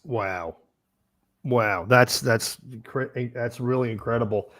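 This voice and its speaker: A man's voice: medium pitch, slow, a bit bright, dry recording. A man hosting a podcast, reacting and asking questions in a rambling way full of fillers. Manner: rambling, many fillers like "you know". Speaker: podcast host. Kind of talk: interview chat.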